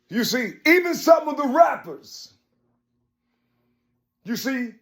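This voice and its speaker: In a rambling monologue about himself, a man repeats "you see" over and over. He stumbles, restarts, and veers from soft murmurs into raised, emphatic bursts.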